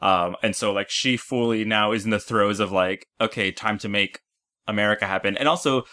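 A man's voice: on the low side, brisk, pushed and bright. A man joking and gossiping casually about celebrities on a film podcast. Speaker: podcast panelist.

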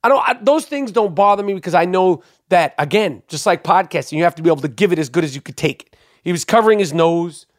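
A man hosting a podcast, telling a long story in a rambling, profane, excitable way. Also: sits high, fast, no room sound, clean studio sound. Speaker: podcast host. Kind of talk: casual storytelling monologue. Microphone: podcast microphone.

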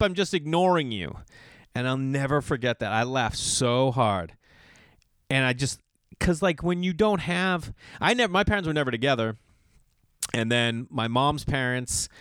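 A middle-aged man from the US Northeast hosting a podcast. He tells a long personal story in a rambling, animated way, with lots of restarts and quick jumps into other people's voices. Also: mid-range voice, clear, resonant tone, dry recording, clean studio sound. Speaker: podcast host. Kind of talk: storytelling monologue.

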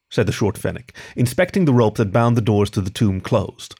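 A man hosting a podcast and narrating a story in a lively, expressive reading style. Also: on the low side, a little fast, few pauses.

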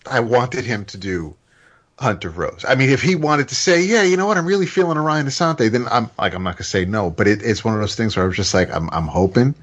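Husky, low-voiced male co-host who rambles, recorded muffled. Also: animated, a little fast. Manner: rambling, repeats words. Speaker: podcast co-host. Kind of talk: casual chat.

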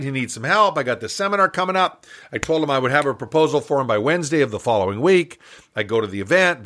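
Older man, bright forceful voice, animated storyteller, podcast guest, chuckles. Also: mid-range voice. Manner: animated storyteller who acts out dialogue, chuckling. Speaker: guest entrepreneur and business coach.

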